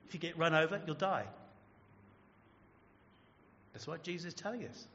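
A man's voice: a little high, normal speed, pauses often, fairly bright tone, long reverb tail, highs cut off, a little hiss or hum. A man preaching a sermon as pastor, earnest and emphatic, often asking the congregation questions. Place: large church.

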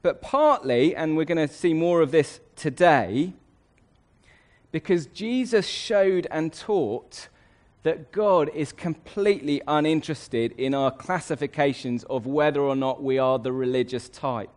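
A man preaching a sermon, emphatic, slowing down to stress key words. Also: a little high, expressive.

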